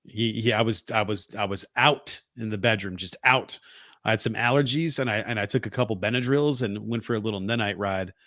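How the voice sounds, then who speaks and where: A man's voice: lowish voice, fairly quick, bright, forceful tone, no echo, clean studio sound. A man co-hosting a podcast in casual chat, telling stories in a chatty, self-deprecating way while getting over a cold. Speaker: podcast co-host.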